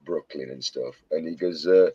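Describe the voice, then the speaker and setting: A man's voice: rumbling low, moderate pace, warm tone, husky, no room sound, dull audio. A British man in casual chat with friends, a jokey storyteller who keeps quoting comedy films. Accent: British English. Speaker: co-host chatting while model making.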